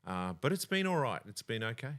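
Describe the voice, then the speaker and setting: A relaxed Australian man, a comedian and impressionist, chatting casually as a podcast guest and laughing easily. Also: mid-range voice, a little fast.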